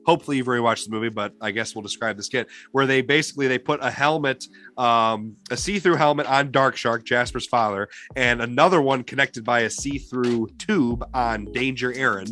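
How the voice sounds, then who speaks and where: A man's voice: medium pitch, brisk, hardly any pauses, pushed and bright. A man in a casual podcast chat about films, rambling with frequent restarts and "um"s. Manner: rambling, many restarts and fillers. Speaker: podcast co-host. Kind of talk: casual film discussion.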